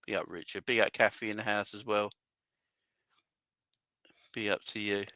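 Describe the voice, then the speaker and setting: A man hosting a fan livestream, emotional and rambling as he chats and gives shout-outs to viewers. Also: lowish voice, flat delivery, normal speed, no echo. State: emotional, voice wavering. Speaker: fan channel livestream host. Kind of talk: emotional casual livestream chat.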